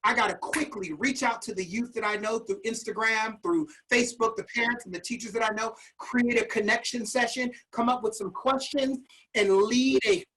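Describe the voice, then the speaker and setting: A man's voice: extremely high pitch, moderate pace, sharp tone, rough recording. A man leading a virtual motivational master class, emphatic and repeating his key phrases like a preacher, speaking over a video call.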